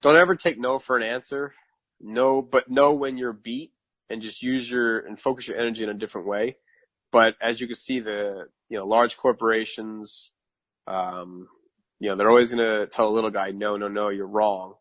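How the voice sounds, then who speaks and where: A man's voice: medium pitch, steady tone, normal speed, a bit bright, dry recording. A man in his thirties talking candidly and with self-assurance as a podcast guest. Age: 30s. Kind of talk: casual interview. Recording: dry lo-fi sound.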